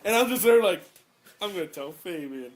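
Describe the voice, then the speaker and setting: A man's voice: high voice, a little fast, crowd noise. A teenage young man casually telling crude school stories to friends, acting out what classmates said. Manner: crude, animated storyteller acting out classmates' lines. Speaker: podcast co-host. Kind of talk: casual chat, storytelling.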